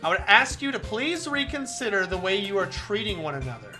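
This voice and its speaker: A woman's voice: medium pitch, big pitch swings, a little fast, pushed and bright, faint music behind. A woman voicing a teenage girl who leads a club, lecturing two members in a firm, reproachful way. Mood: scolding.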